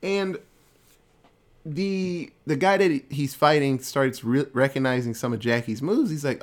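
A man talking through a movie plot in an easygoing, joking way, slipping into little voices for the characters. His pitch sits in an ordinary middle range for a man. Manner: laid-back, jokey, acts out characters in quick asides. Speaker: podcast host recapping a film. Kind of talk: casual chat.

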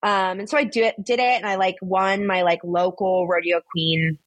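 A young woman guest telling stories in a casual podcast chat, blunt and animated, swearing freely and saying "like" constantly. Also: mid-range voice, moderate pace, no echo. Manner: chatty, swears freely, fills talk with "like". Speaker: guest, social media influencer.

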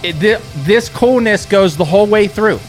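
Guy cohosting a podcast, goofs around and laughs constantly, really lively voice. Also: sits high, normal speed, over music. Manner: animated, teasing, laughs often. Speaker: podcast co-host. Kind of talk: casual chat.

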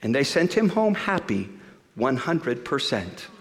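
A man giving a sermon, reading a rhyming story aloud in a rhythmic, expressive way before turning to scripture. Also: mid-range voice, unhurried, long reverb tail, a little hiss or hum. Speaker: pastor.

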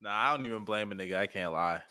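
A man's voice: fairly low pitch, quick pace, pushed and bright, no echo, clean studio sound. A man co-hosting a casual podcast, blunt, slangy and profane. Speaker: podcast co-host. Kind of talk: casual sports and wrestling chat.

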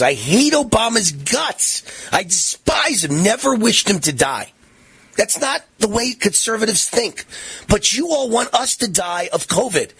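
A man's voice: sits high, a bit bright, husky. A man in his sixties hosting a political talk radio show, combative and mocking, his voice rising into sing-song taunts. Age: 60s.

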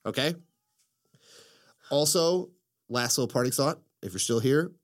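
A man hosting a casual podcast chat, excitable and profane, telling stories with lots of energy. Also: medium pitch. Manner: excitable, profane, animated storytelling. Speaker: podcast host.

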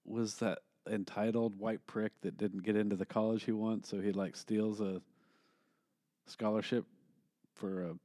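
A man's voice: fairly low pitch, little pitch movement, measured pace, warm tone, dry recording, studio quality. A man co-hosting a casual movie review podcast, rambling and swearing freely, laughing as he talks. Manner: rambling, profane, laughs often. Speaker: podcast co-host.

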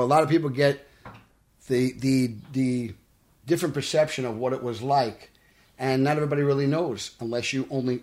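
Brooklyn guy, middle-aged, tough-talking, tells it straight in a studio chat. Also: medium pitch. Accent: Brooklyn New York. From Brooklyn, New York. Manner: animated storytelling, tough-talking. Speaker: actor guest. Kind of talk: casual interview. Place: podcast studio.

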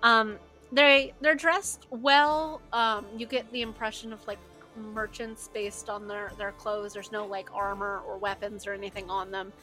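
A woman's voice: mid-range voice, flat delivery, unhurried, pushed and bright, faint music behind. A woman narrating as game master, chatty and loose, full of "like" and "uh".

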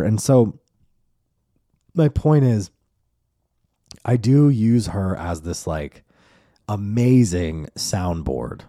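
A man with a low, deep-toned voice that sounds soft and dark, hosting his own show. He rambles through a loose, profane monologue, swearing freely, all in a close, dry recording. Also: no echo. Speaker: podcast host. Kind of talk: casual solo monologue.

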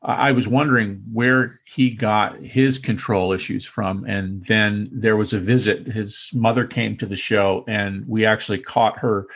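A man hosting an interview in a relaxed way, asking questions with hesitant fillers and quick affirmations. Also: lowish voice. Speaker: interviewer, host. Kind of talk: casual interview chat.

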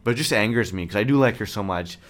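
Man in his thirties, podcast host, low-pitched, profane sarcastic rant, fairly monotone. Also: fast talker. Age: 30s. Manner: self-described monotone delivery. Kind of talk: casual solo podcast rant.

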